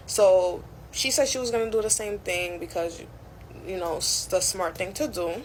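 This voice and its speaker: A woman's voice: mid-range voice, normal speed, slight background noise, rough recording. Chatty young woman telling a story. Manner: chatty, many fillers like "like" and "you know". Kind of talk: casual storytime.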